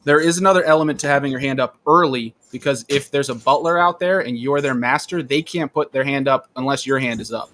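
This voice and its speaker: A man running a live-streamed social deduction game over voice chat as its storyteller, briskly announcing nominations and votes. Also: mid-range voice, a bit bright.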